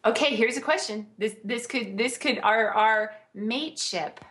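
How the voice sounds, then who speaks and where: A woman's voice: on the high side, unhurried, fairly bright tone. An American woman in casual conversation, bubbly and playful, laughing often and breaking into exclamations. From United States. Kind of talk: casual chat.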